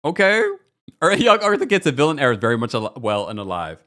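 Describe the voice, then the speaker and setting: A man hosting a chatty reality TV recap, sassy and animated, talking straight to his viewers and acting out what people said. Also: mid-range voice, a little fast. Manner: animated and sassy, acts out quotes in shifting voices; chatty, addresses viewers directly. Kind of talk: casual recap commentary.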